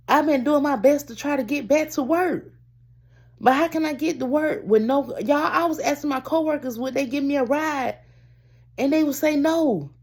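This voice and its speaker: A woman vlogger telling a personal story to camera in a rambling, halting way, often calling her viewers y'all and breaking off to restart. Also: a little high, creaky, a little mellow. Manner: restarts and trails off.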